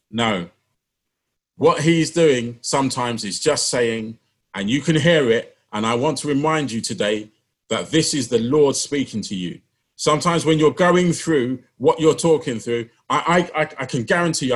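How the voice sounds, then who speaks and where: A man preaching a sermon with passion, repeating words and phrases for emphasis. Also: medium pitch.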